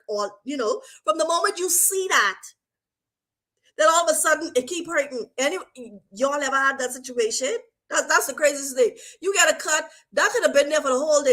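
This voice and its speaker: A woman hosting a talk show for wives as a marriage coach, talking to her listeners in a lively, casual way and often asking "right?". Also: sits high. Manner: animated, repeats "right?" and "y'all" often.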